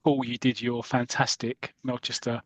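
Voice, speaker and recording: A man's voice: medium pitch, level tone, normal speed, a bit bright. A man hosting a podcast in casual chat, hesitant and introducing segments. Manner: hesitant, many fillers and restarts, introducing clips. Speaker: podcast host.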